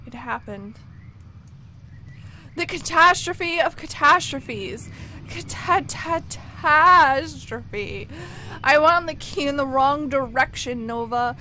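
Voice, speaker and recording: A woman putting on a high, swooping voice for a flustered female clockmaker who has hidden away for years. Bright and sharp in tone, she wails and frets through game dialogue read aloud. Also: slight background noise, heavily acted. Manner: theatrical, wailing, self-pitying storytelling. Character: excitable dramatic female clockmaker hermit.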